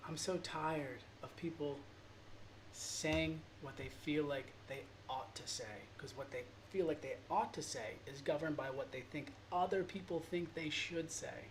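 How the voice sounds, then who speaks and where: A man's voice: fairly high pitch, unhurried, a little hiss or hum. Earnest, emotional male art teacher. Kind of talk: informal drawing lesson monologue.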